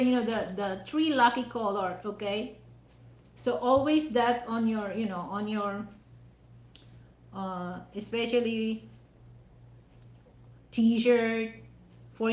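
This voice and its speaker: A woman's voice: a little high, reverberant, rough recording. A woman vlogger chatting casually over dinner, rambling and leaning on "you know" fillers with non-native phrasing.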